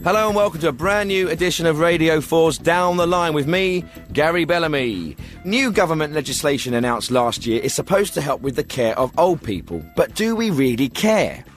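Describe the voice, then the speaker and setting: An actor playing a tactless radio phone-in host, with a pompous, glib manner in a comedy phone-in. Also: male voice, fairly high pitch, animated, a little fast, few pauses, soft background music, close to an everyday voice. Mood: smug. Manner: pompous and glib, with offhand insults. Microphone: studio microphone.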